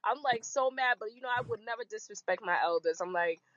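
A woman hosting a podcast, telling a personal story in a frank, animated way and acting out the people in it. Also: on the high side, fast talker. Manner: animated, acts out quoted voices, frank. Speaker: podcast host. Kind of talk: casual storytelling chat. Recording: muffled lo-fi recording.

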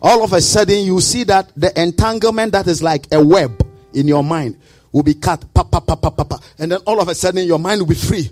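A male pastor preaching a sermon in a rhythmic, sing-song way, breaking into emphatic shouts. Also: high-pitched, fairly quick, no echo, faint music behind.

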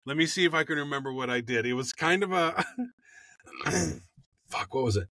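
A man co-hosting a comedy podcast who tells a story in an animated, quick style and swears freely. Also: medium pitch, no room sound. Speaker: podcast co-host.

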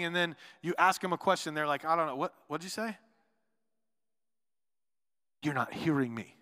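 Lively preaching man in an echoing hall. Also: fairly high pitch. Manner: animated, varies between loud emphasis and soft quiet asides; joking asides to the congregation. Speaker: pastor. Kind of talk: sermon. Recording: long reverb of a large hall.

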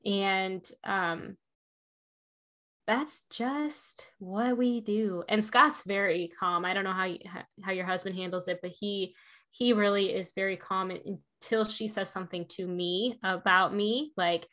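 Woman host, mid-pitched, frank and animated, casual swearing, parenting chat. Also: a little slow.

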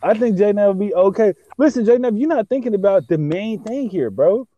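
Young guy rambling excitedly, swears a lot, slangy, dry close sound. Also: high voice, fairly quick, dry recording. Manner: excitable, slangy, profane, constant fillers. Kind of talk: casual chat. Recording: dull lo-fi sound.

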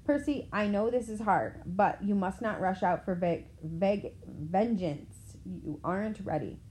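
A woman voicing a weary, wise old male centaur teacher who speaks calmly and firmly. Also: medium pitch, a little hiss or hum, lightly acted, poor audio. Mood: grave. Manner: calm, measured, gently firm.

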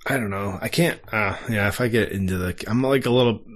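A middle-aged man chatting casually, telling rambling, animated stories full of quoted dialogue. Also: lowish voice, brisk. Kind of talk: casual chat.

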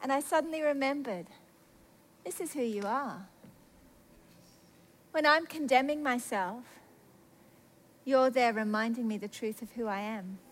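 A woman preacher giving a sermon in a chatty, confessional way, swinging between hushed asides and excited bursts. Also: fairly high pitch, a little slow, pauses often. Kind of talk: sermon with personal stories.

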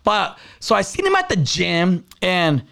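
A man's voice: high voice, huge pitch swings, measured pace, gravelly, a bit bright. A man hosting a podcast, telling a story in rambling casual chat and filling it with "like" and "bro". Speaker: podcast host.

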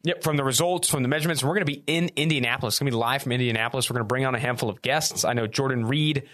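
A man hosting a sports podcast, talking quickly and upbeat in a casual chat on a studio mic. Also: medium pitch, fairly bright tone. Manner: fast, upbeat, laughs often. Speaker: podcast host. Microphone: studio microphone.

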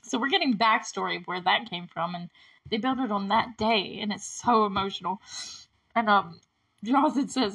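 A woman's voice: medium pitch, moderate pace, vocal fry, a bit bright, slightly rough, rough recording. A young adult woman hosting a casual recap podcast, talking in a chatty, emotional way and using "like" often. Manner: chatty and emotional, heavy use of "like". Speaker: show host recapping a TV episode.

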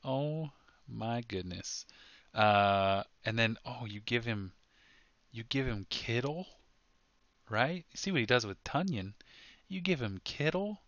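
A man co-hosting a casual sports podcast, excitable and quick to laugh, often restarting his sentences. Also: medium pitch, no echo, dull audio. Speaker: podcast co-host.

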